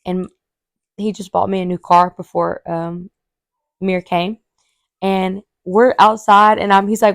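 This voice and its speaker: A woman, a podcast host telling a story casually and animatedly, acting out quotes in a high voice. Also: moderate pace, dry recording, studio quality.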